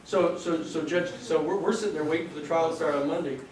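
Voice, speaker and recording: A man, a lawyer, casually telling an animated story to a class and acting out the people he quotes. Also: on the high side, fast talker, slight background noise. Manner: animated, acts out quoted voices, restarts sentences. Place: large echoey classroom or lecture room. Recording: echoey room, distant mic, faint ambience.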